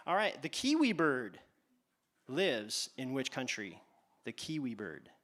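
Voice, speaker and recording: A man hosting a playful animal quiz for children on a church stage, teasing and drawing out his questions. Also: mid-range voice. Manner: animated, teasing, exaggerated pauses. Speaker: quiz host at a church kids' event.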